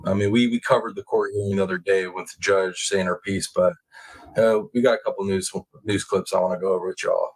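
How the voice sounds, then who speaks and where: A relaxed man with a lowish voice hosts a casual livestream from home. He chats easily with his viewers, drawls out his words and reads their comments aloud. His voice leaps higher whenever a viewer excites him. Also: a little fast, slightly rough, low-quality recording. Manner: laid-back, chatty, drawling out words; rises high when excited by a viewer. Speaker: livestream host reading chat.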